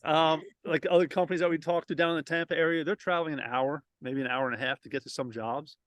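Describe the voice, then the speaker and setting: A man's voice: fairly high pitch, fairly even intonation, fast talker, fairly bright tone, no room sound. A man who runs a lawn renovation business, talking loosely in a casual interview with frequent restarts, outdoors at his home.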